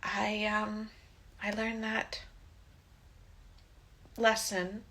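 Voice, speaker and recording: A woman speaking straight to camera in a personal vlog, earnest and emotional. Her voice carries a gravelly fry and a bright, sharp edge. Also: mid-range voice, steady tone, a little slow. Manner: emotional, heartfelt retelling with frequent "like". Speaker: childbirth educator and coach.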